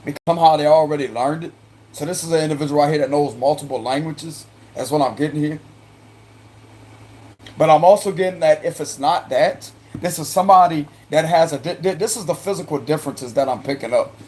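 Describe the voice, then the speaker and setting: A man with a Cajun accent talks through a tarot reading for his viewers. His voice sits a little high for a man, and he rambles, circles back over the same points and breaks into chuckling asides. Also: fairly quick, darkish tone. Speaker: tarot reader.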